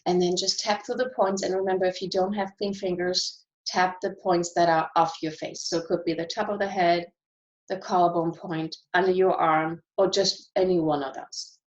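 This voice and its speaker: A woman leading a guided tapping session, speaking slow, deliberate affirmations for listeners to repeat. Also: fairly low pitch, fairly even intonation. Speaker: tapping practitioner. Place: at home. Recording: dull, roomy home recording.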